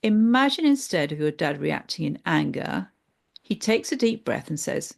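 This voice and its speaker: Low, gravelly woman therapist explaining. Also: lively intonation. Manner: measured, hesitant, with many fillers. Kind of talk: explaining a therapy technique with examples.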